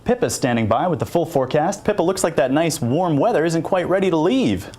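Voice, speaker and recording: Lively male news anchor. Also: a little high, fairly quick, breathy edge. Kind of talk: TV news handoff.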